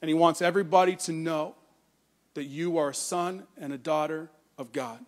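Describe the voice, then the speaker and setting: Middle-aged male pastor, sermon storytelling, slightly high voice, earnest. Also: normal speed. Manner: storytelling with animated quoting, then earnest and softer on scripture.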